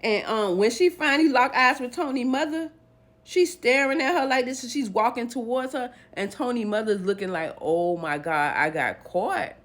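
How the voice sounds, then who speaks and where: A woman's voice: high-pitched, normal speed. A woman retelling a dramatic true story in a casual storytime way, animatedly acting out the people's lines.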